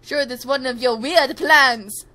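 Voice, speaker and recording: A woman's voice: high-pitched, takes it slowly, heavily acted. A woman voicing a hot-tempered, foul-mouthed young Italian man in a fan-made game. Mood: angry. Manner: cursing, grumpy, shouting accusations.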